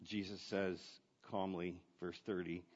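A man's voice: low-pitched, little pitch movement, measured pace, a little mellow. A man preaching a sermon in a conversational, emphatic way, asking his listeners questions. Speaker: pastor. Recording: dull lo-fi sound with long reverb.

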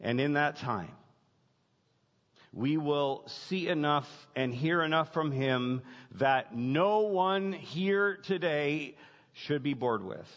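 A man preaching a sermon as pastor, emphatic, building points through repetition and dramatic pauses. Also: on the high side, expressive, a bit bright. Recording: dull lo-fi sound with long hall reverb.

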